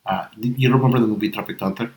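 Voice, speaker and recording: A man's voice: on the low side, fairly even intonation, quick pace. A man co-hosting an improv podcast who learned English as a second language, reasoning aloud earnestly with a few restarts. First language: not English. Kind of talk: casual discussion. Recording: echoey room.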